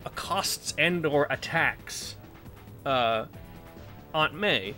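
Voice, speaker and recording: Man, casual game streamer, higher-pitched, chatty and self-correcting, game music under. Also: lively intonation, extremely slow, bright, forceful tone. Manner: rambling, self-correcting, laughs often. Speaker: streamer playing a video game. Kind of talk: casual gameplay commentary.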